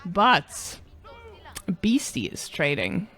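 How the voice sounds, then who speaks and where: A woman's voice: on the low side, huge pitch swings, extremely slow, a bit bright. A young woman casting a strategy game in a casual, playful way, chatting to her viewers between plays. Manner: playful, giggly, chatty asides to chat. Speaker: esports caster.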